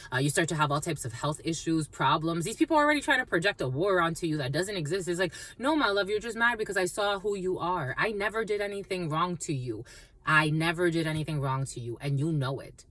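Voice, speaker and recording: A woman giving a casual spiritual tarot reading to her viewers, talking freely, repeating phrases and calling them "my lovies". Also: poor audio. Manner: animated, swoops high and drops low, repeats phrases, calls listeners "my lovies". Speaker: tarot reader.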